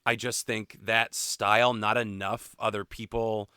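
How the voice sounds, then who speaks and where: A man's voice: on the low side, a little slow, smooth, dry recording, studio quality. A man co-hosting a music podcast in casual chat, talking candidly with frequent profanity. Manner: candid, profane, animated opinions. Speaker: podcast co-host.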